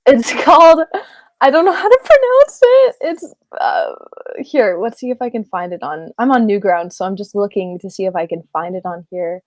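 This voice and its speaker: A woman's voice: mid-range voice, big pitch swings, moderate pace, no room sound. A young woman from Canada, a voice actress, chatting in an interview, bubbly and rambling with crude jokes and giggles. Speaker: voice actress guest. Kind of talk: casual interview chat.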